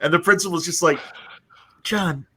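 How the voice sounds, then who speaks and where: A man with a bright, forward voice telling a story on a casual podcast. He jumps in and out of the quoted voices of the people in it, keeping the tone loose and chatty. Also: mid-range voice, lively intonation, brisk. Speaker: podcast co-host.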